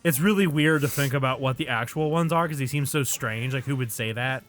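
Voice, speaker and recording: A man's voice: mid-range voice, brisk, fairly bright tone. A young man co-hosting a casual gaming video, explaining the rules and teasing his friend with mock-pompous jabs. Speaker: let's play co-host.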